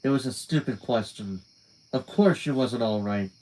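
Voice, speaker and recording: A man's voice: medium pitch, moderate pace, a little mellow, rough recording. A young man reading a novel aloud live, with casual asides. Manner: casual, laughs and swears in asides. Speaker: reader. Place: quiet room at night.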